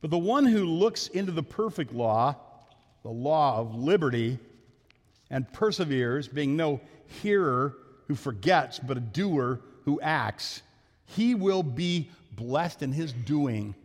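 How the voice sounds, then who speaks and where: Fast-talking pastor in a reverberant hall. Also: male voice, fairly high pitch, lively intonation. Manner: fast-talking, joking storyteller. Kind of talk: sermon. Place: church sanctuary.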